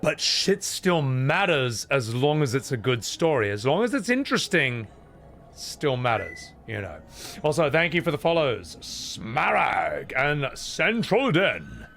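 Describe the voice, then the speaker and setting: A man's voice: medium pitch, very animated, a little slow, vocal fry, fairly bright tone. A man casually commenting while playing a video game, chatty and swearing freely, laughing often. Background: game music.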